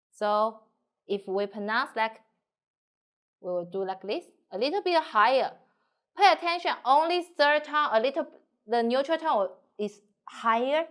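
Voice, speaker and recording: A woman's voice: on the high side, expressive, a little slow, long pauses, fairly bright tone. A woman teacher with a Mandarin Chinese accent, speaking in simple English and modeling tones in a singsong way. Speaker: language teacher. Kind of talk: slow explanatory lesson.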